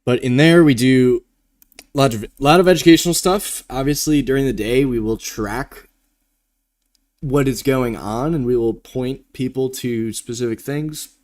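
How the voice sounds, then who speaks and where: A man's voice: medium pitch, a little slow, darkish tone, no room sound, clean studio sound. A man hosting a live trading stream, talking casually and rambling, with the odd yawn. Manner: rambling, conversational, yawning now and then.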